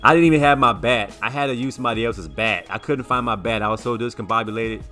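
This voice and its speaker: Bright-voiced man telling a story. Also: medium pitch, fast talker, faint music behind. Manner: rambling, animated, repeats words while recounting. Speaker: sports show co-host. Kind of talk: casual storytelling chat.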